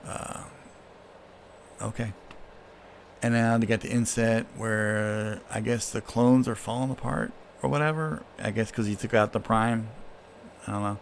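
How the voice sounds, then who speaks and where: A man's voice: on the low side, steady tone, a little slow, gravelly, pauses often, slight background noise. A man casually reading through and critiquing a comic book, with an offhand manner and frequent fillers. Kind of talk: casual read-through commentary.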